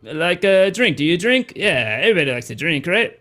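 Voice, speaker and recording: A man voicing a gruff, suspicious male alien doorman who guards a tavern entrance in a space tabletop game. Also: mid-range voice, sing-song, slow, bright, forceful tone, heavily acted.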